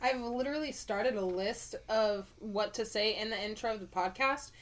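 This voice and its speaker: A female podcast co-host in casual conversation, dry and teasing. She speaks in a plain, mid-pitched voice. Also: moderate pace, a bit bright. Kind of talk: casual chat.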